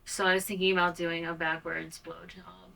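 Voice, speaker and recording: A woman from Ohio hosting an awkward comedy interview, speaking haltingly and deadpan with many fillers. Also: fairly low pitch, gravelly, recorded from a distance, low-quality recording.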